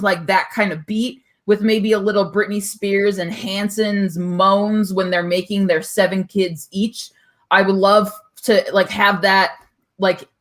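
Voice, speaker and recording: A woman's voice: mid-range voice, fairly bright tone. A woman co-hosting a comedy podcast, chatting casually and rambling with lots of "like". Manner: rambling, says like a lot. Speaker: podcast co-host.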